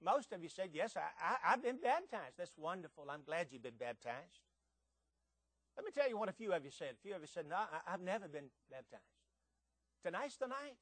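A man preaching a sermon in an emphatic way, repeating words and asking rhetorical questions, with loud peaks. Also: high-pitched, very animated, a little fast, breathy edge, no room sound.

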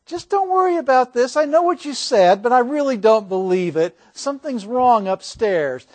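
A man's voice: extremely high pitch, expressive, moderate pace, darkish tone, pitched above the performer's own voice. A man voicing the disciples, talking down to a grieving woman in a soothing, condescending way. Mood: patronizing. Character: patronizing male disciples soothing a friend.

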